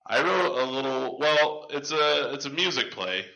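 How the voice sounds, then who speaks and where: Dry teasing man, sharp bright voice. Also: medium pitch, lively intonation, normal speed, vocal fry. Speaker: host. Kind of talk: casual chat. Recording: roomy room echo.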